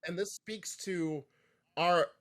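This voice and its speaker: A man's voice: high-pitched, slow, fairly bright tone. A man co-hosting a casual gaming podcast, talking things through in long, winding sentences. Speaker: podcast co-host.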